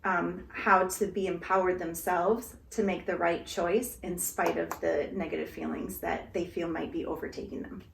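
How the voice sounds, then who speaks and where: A woman talking through parenting advice in a calm, explanatory way, sometimes acting out what a parent might say to a child. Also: on the low side, normal speed, gravelly, few pauses, slight background noise. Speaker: guest speaker on parenting. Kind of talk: casual conversation. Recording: echoey room.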